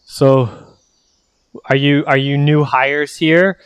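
A man's voice: a little high, steady tone, takes it slowly, smooth, no echo. A man voicing a grizzled old drunk who is fearful and full of doom. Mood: grim.

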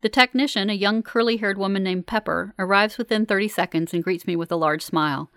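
A woman reads a first-person novel aloud with a wry, measured delivery at a middle pitch. The voice is dry and close, with no room around it. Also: a bit bright, smooth, no echo. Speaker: audiobook narrator. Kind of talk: first-person scripted narration.

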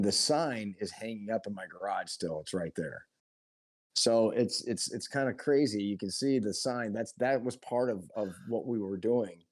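A man being interviewed as a guest, talking about his film project in an earnest, halting way with frequent restarts. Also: lowish voice, a little mellow. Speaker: guest filmmaker and performer. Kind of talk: casual conversational interview.

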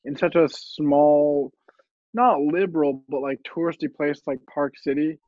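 A man's voice: on the high side, fairly even intonation, unhurried, no echo. A young man co-hosting a podcast, teasing and pushing with casual banter. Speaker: podcast co-host. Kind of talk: casual chat. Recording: dull, dry mic sound.

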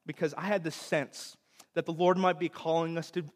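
Young male pastor from Texas, slightly higher voice, storytelling sermon that swings from loud to hushed, long hall reverb. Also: little pitch movement, normal speed.

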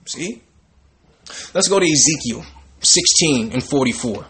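A man leading a Bible study, commenting on scripture in a casual, animated preaching manner. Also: fairly high pitch, measured pace. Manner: animated, conversational, breaks into laughter and mock voices.

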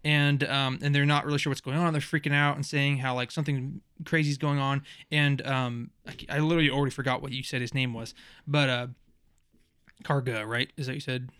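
A man's voice: medium pitch, little pitch movement, brisk, fairly bright tone, clean tone, no echo, studio quality. A man in a casual podcast chat, recapping a TV episode in a rambling way with many fillers and restarts. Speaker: podcast co-host.

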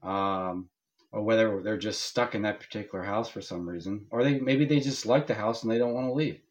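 A man's voice: lowish voice, fairly quick. A man co-hosting a podcast in casual chat, rambling and hesitant with many restarts. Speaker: podcast co-host.

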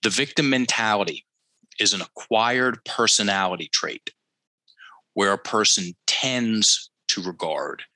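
A man's voice: on the low side, measured pace, bright, forceful tone, no room sound, poor audio. A man telling a story as a podcast guest, emphatic and teacherly, repeating key phrases for effect and speaking straight to the listeners. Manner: addresses listeners directly, teacherly. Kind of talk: conversational storytelling.

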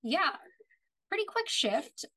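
A woman co-hosting a podcast, chatting casually about a TV episode and quickly agreeing or adding points. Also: high-pitched, big pitch swings, pushed and bright. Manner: quick agreeing remarks, lots of fillers. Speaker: podcast co-host. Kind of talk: casual recap chat.

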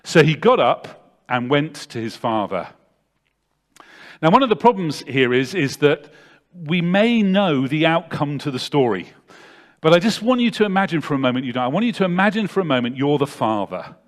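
A man preaching a sermon, retelling a story dramatically and swinging from loud to hushed. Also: fairly high pitch, sing-song, moderate pace.

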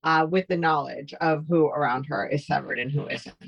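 A woman's voice: low-pitched, normal speed, vocal fry, husky, dry recording. Woman cohost chiming in on a tv recap, dull lo-fi, dry. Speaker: podcast co-host. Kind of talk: casual TV recap chat.

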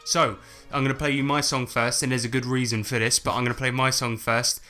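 A man's voice: mid-range voice, little pitch movement, a little fast, pushed and bright, faint music behind. A man co-hosting a podcast in casual, jokey chat, laid-back and sweary with lots of "so, um". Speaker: podcast co-host.

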